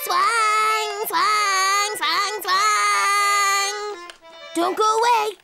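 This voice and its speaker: A woman's voice: extremely high pitch, level tone, drawn-out words, gravelly, heavily acted. A woman voicing a small, playful young male donkey full of ideas, giggling and making bouncy sing-song noises. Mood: cheerful. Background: children's music.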